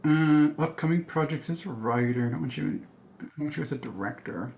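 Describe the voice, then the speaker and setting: Fast-talking man with a gravelly voice. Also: on the high side, lively intonation, a little mellow. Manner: quick, agreeable, reads off lists. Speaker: podcast co-host. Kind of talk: casual movie chat.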